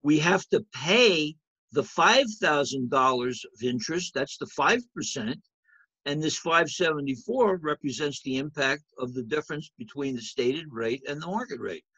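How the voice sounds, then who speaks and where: A male instructor walks through a lecture in a loose, conversational way, tossing rhetorical questions at the class. His voice sits a little high for a man. The recording is dry and slightly muffled. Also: animated, moderate pace, bright, forceful tone, slightly rough, no room sound. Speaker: accounting instructor. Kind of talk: lecture over slides.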